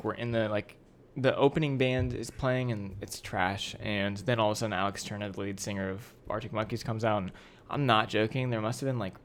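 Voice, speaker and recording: A man's voice: on the low side, slight background noise. A young man co-hosting a casual podcast, chatty and hedging, with lots of fillers. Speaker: podcast co-host. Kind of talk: casual chat.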